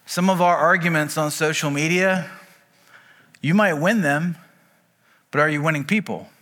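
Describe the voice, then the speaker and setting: A man preaching a sermon as pastor, telling stories in a conversational way with quick asides. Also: on the high side, a bit bright, long reverb tail. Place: church auditorium.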